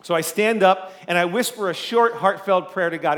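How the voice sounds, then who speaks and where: High-voiced male pastor preaching. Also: moderate pace, hardly any pauses. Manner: storytelling, animated and conversational; loud speaking voice. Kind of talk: sermon.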